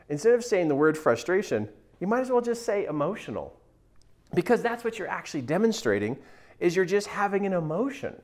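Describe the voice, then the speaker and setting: Male mindset coach, slightly high voice, very lively pitch, emphatic teaching delivery. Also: a little fast. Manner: animated, emphatic teaching with acted-out quotes. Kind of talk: motivational talk at a whiteboard.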